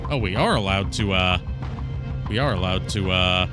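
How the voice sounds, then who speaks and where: A man's voice: low-pitched, moderate pace. A man streaming a video game, chatting casually and rambling with lots of fillers and jokes. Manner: rambling, joking, filler-heavy. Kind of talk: casual gameplay commentary. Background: faint game music.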